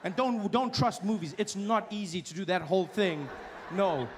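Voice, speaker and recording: A man doing stand-up storytelling, animated and bursting into shouted bits. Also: high-pitched, moderate pace, long reverb tail, very noisy. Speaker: stand-up comedian.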